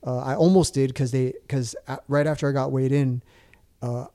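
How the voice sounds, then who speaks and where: Mellow-voiced man telling a story. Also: medium pitch, fairly even intonation, moderate pace. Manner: rambling with many fillers and restarts. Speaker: guest. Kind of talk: casual storytelling.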